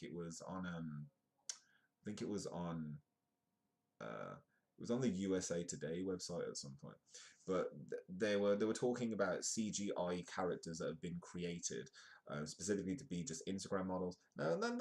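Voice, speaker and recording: A man with a deep, low voice hosts a live comedy news stream. He reads stories aloud in a casual way, then wanders off into chatty, self-correcting side remarks and jokes. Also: a little mellow. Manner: rambling, self-correcting, chatty asides between read articles. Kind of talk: casual news reading with comic asides.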